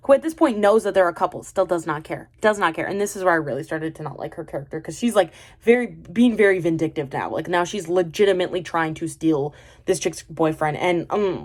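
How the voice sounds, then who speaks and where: A woman's voice: medium pitch, a little fast. Exasperated woman ranting about a show. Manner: exasperated, sarcastic, animated with lots of fillers. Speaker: drama reviewer. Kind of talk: casual ranting review.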